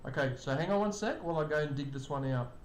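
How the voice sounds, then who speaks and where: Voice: animated, fast. An older streamer, chatting casually with live viewers and greeting them by name. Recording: echoey room, faint rumble.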